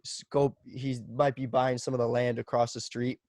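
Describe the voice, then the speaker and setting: A man's voice: mid-range voice, flat delivery, moderate pace, a little mellow, no echo, studio quality. A young man in his twenties, a podcast guest telling stories in loose, profane casual chat full of "like" and "bro".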